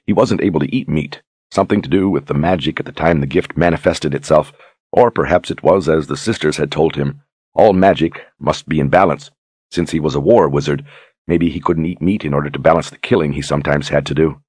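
A man narrating a fantasy novel in a steady, measured storytelling manner with a husky voice. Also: rumbling low, dry recording. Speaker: audiobook narrator.

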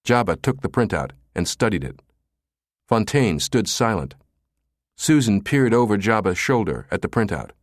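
A man narrating an audiobook thriller in a dramatic, expressive reading. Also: lowish voice, moderate pace, no room sound, clean studio sound. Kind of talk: scripted narration.

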